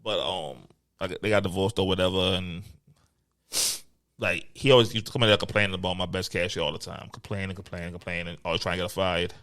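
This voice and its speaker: A fast talker with a low voice, this podcast co-host tells an animated, profane story in casual chat, dramatizing the quotes along the way.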